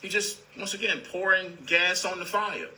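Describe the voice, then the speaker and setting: A man gives a spiritual talk in a very bright, sharp-edged voice that sits a bit high. He is calm and repetitive, and he calls his listeners "beloved" as he teaches. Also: normal speed, low-quality recording.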